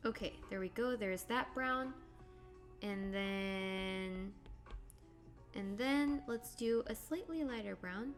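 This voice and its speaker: A woman's voice: medium pitch, takes it slowly, faint music behind. A young woman live-streaming as she draws, chatting casually with viewers, giggling and thinking aloud. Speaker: livestreamer. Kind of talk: casual live-stream chat while drawing.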